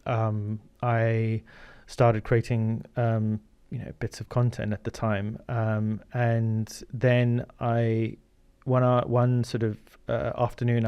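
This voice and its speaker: A man's voice: on the low side, a little mellow, smooth, no room sound. A middle-aged man from Zimbabwe, a guest in an interview who tells stories earnestly with many fillers. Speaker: guest, media founder. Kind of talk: casual interview storytelling.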